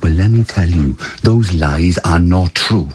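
A man doing a husky, indignant bloke. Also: low voice, measured pace, mellow, exaggerated voice, low-quality recording.

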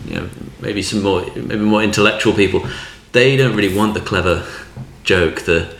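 A man's voice: lowish voice, moderate pace, creaky, a bit bright, reverberant, a little hiss or hum. A man hosting a podcast, chatting casually and hesitantly, searching for words. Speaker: podcast host.

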